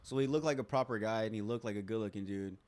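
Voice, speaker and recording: एक युवा पुरुष होस्ट, अनौपचारिक बातचीत में किस्से सुनाता और बातें दोहराकर अभिनय करता हुआ।. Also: male voice, fairly low pitch, quick pace. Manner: animated storytelling, acts out quotes. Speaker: podcast host. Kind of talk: casual chat.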